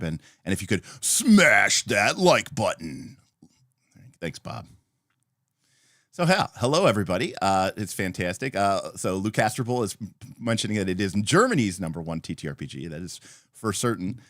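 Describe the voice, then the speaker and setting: A man's voice: fairly low pitch, dry recording, clean studio sound. A man hosting a casual livestream, chatty and rambling as he greets viewers by name. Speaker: livestream host.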